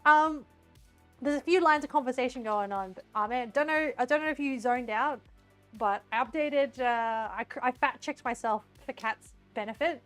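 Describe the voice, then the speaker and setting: A woman's voice: high voice, moderate pace, fairly bright tone, faint music behind. An Australian woman streamer chatting casually while she cooks in her home kitchen, giggly and scattered. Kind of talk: casual live-stream chat while cooking.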